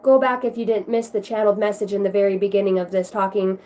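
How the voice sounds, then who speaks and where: A woman's voice: mid-range voice, level tone, quick pace, a little mellow, soft background music. A woman giving a casual livestream card reading, chatty and effusive, swearing freely as she talks to her viewers. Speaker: tarot reader.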